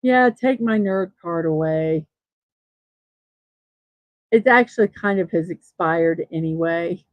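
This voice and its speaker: A woman's voice: on the low side, takes it slowly, long pauses, no room sound, dull audio. A woman hosting a daily morning show, chatting casually and reading off birthday lists with self-deprecating asides. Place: East Coast of the United States.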